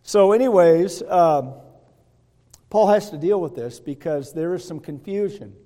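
A man's voice: high-pitched, animated, measured pace, dark tone. A male pastor preaching a sermon in a folksy way, often checking in with the congregation. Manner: folksy, asks the congregation "Hello?". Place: church sanctuary. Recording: long hall reverb.

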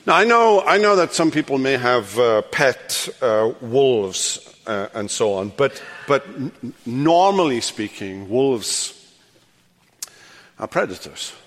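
Older guy preaching in a church, goes loud then drops to a hush, echoey hall. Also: mid-range voice, big pitch swings, takes it slowly. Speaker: pastor. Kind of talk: sermon. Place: church sanctuary.

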